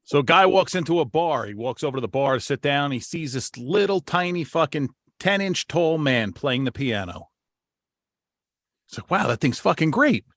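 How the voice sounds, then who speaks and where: A man's voice: a little high, animated, moderate pace, fairly bright tone, no room sound. A man casually trading crude one-liner jokes with a friend on a podcast. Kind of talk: casual joke-telling.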